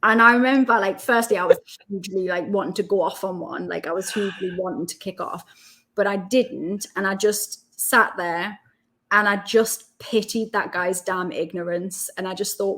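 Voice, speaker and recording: A woman with a Geordie accent, from Newcastle, chatting as an interview guest and telling lively stories. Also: medium pitch, normal speed. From Newcastle, North East England. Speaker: guest, self-development coach. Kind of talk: casual interview chat.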